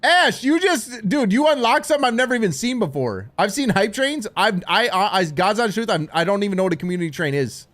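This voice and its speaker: A man live-streaming while gaming, excitable and swearing a lot, stammering through restarts and calling everyone dude and bro. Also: high voice, quick pace, hardly any pauses, soft background music. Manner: stammering restarts when overwhelmed.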